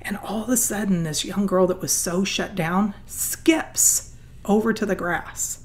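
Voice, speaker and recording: A woman guest telling a story in a podcast interview, earnest and animated, often restarting her sentences. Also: mid-range voice, a little slow. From Southern California. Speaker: guest, foundation founder.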